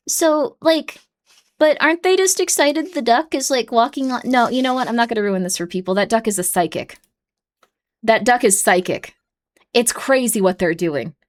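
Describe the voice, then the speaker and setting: A young woman chatting casually and rambling with her viewers during a live stream. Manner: chatty, rambling, coos at her cat in a high baby voice.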